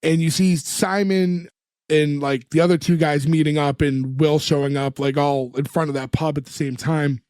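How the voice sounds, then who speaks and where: A man's voice: fairly high pitch, steady tone, moderate pace, darkish tone, clear, resonant tone, no echo, studio quality. A man co-hosting a podcast, casually retelling a sitcom episode scene by scene and acting out the characters' lines as he goes. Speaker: podcast co-host. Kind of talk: casual chat recapping a TV episode.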